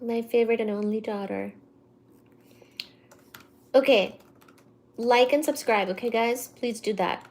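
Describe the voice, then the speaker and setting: Woman livestreaming study chat from home, kinda high voice, lots of ums and uhs, chatty, coos at her cat. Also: a little slow, long pauses, a little mellow. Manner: chatty, many fillers, coos baby talk to her cat. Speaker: livestream host. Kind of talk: casual live study stream. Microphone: computer mic during a livestream.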